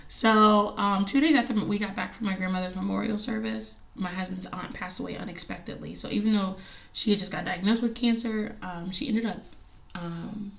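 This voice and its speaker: Woman, 30s, chatty and heartfelt storyteller, mid-pitched voice, recorded slightly off-mic. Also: steady tone, normal speed, gravelly, far from the mic. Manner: chatty, emotional, many fillers, laughs often. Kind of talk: personal story, casual talk.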